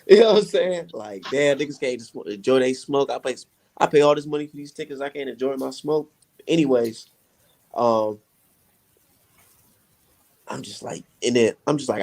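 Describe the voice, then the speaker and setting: A man talks casually and profanely at an even middle pitch. He tells stories with energy and breaks into laughter often. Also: normal speed, vocal fry, long pauses. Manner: animated storyteller, profane, laughing. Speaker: podcast host. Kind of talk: casual chat.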